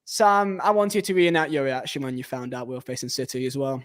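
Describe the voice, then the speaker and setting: A man hosting a casual football podcast, talking in excitable, punchy bursts. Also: mid-range voice, fast talker. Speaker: podcast host.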